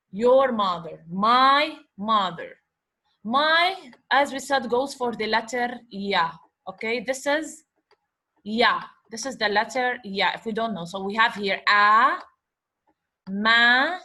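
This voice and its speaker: A woman teaching a slow online lesson, patiently repeating and sounding out letters over a video call. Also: fairly high pitch, bright, forceful tone. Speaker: Arabic teacher.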